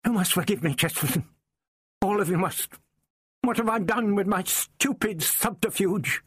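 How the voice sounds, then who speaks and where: A man voicing an elderly, proud grandfatherly man who speaks hoarsely in clipped, formal sentences. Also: sits high, moderate pace, fairly bright tone, dry recording, studio quality, pitched above the performer's own voice. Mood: alarmed.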